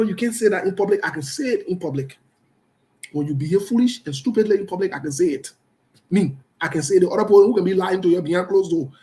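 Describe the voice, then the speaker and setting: A man's voice: sits high, a little mellow. A man, hosting live online political commentary in a combative, scolding and emphatic way, speaking straight to his viewers.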